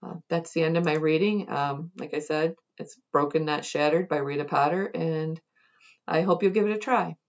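A woman reading a passage from a novel aloud in a measured, quiet way. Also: low-pitched, fairly even intonation, highs cut off. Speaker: reader at a literature event.

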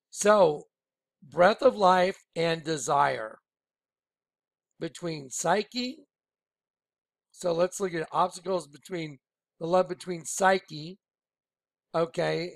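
A man leading an informal screen-share Bible study, excited and rambling, often telling listeners to watch. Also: a little high, vocal fry, no echo, clean studio sound. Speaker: Bible teacher.

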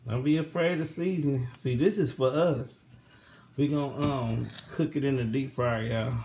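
A man's voice: medium pitch, moderate pace, vocal fry, a little mellow, slight background noise. A man in a home kitchen, casually talking viewers through a cooking session as he patiently coaches children step by step. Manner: coaxing, patient, calls out directions. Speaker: vlogger teaching kids to cook. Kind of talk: casual vlog instruction.

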